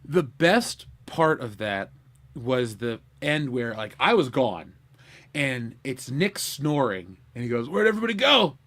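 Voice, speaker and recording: A man co-hosting a podcast in casual chat, excitable and quick to laugh as he plugs his projects. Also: mid-range voice. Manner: excitable, laughs a lot, plugs merch and Patreon. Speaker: podcast co-host.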